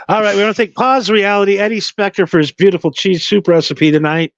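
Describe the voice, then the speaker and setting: A man co-hosting a casual podcast, crude and quick to laugh. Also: high voice, steady tone, no echo. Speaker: podcast co-host. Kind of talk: casual chat. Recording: dull, dry recording.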